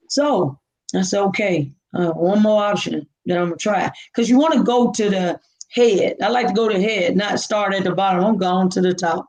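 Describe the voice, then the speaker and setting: A woman's voice: medium pitch, normal speed, low-quality recording. A woman, a guest from Alabama telling a personal story and acting out the dialogue. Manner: animated, acts out dialogue.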